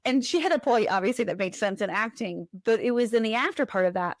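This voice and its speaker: A woman guest on a podcast, telling a personal story in an animated, conversational way. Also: fairly high pitch, fast talker, no echo, clean studio sound. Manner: animated, acts out quoted voices.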